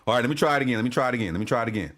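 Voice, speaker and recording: A sports fan rants about basketball to his camera in a mid-range, fairly bright voice that races and swings widely up and down. He keeps laughing, swears freely and repeats his lines over and over.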